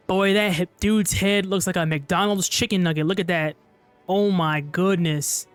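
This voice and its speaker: A man hosting a gaming channel, giving loud, joking gameplay commentary full of trash talk. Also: sits high, steady tone, normal speed, smooth, soft background music.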